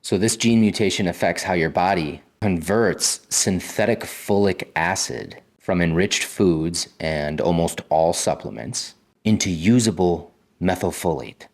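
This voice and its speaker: A man's voice: sits low, measured pace. A man hosting a casual health vlog, talking straight to viewers in an emphatic, conversational way with mild cursing. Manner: emphatic, conversational, mildly profane, talks directly to viewers. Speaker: health video host. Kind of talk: casual vlog monologue to camera.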